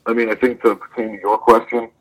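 A man's voice: medium pitch, level tone, fast talker, breathy edge, low-quality recording. A man, a wrestler being interviewed, telling a rambling, profane story in casual chat full of fillers. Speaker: professional wrestler guest.

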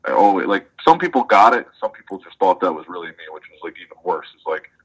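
A man's voice: low-pitched, sing-song, fast, fairly bright tone, breathy edge, poor audio. A man, a wrestler being interviewed, telling a rambling, profane story in casual chat full of fillers. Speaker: professional wrestler guest.

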